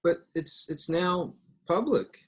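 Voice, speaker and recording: A man's voice: fairly high pitch, slow pace. A man hosting an interview, asking pointed, probing questions in casual conversation. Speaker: host.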